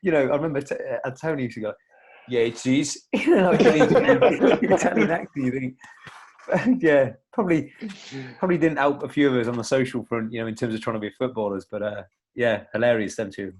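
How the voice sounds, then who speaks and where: A man's voice: medium pitch, quick pace. A young man, a podcast guest, chatting casually in a rambling way with many restarts and fillers. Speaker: podcast guest, fitness coach.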